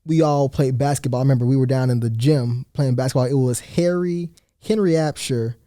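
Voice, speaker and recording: A teenage boy from Atlanta, Georgia, speaking as a guest in a relaxed, measured and polite way. His voice is mellow and dark, recorded close and dry with no room sound. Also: medium pitch, no room sound. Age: teens. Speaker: guest student. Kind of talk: casual interview answers.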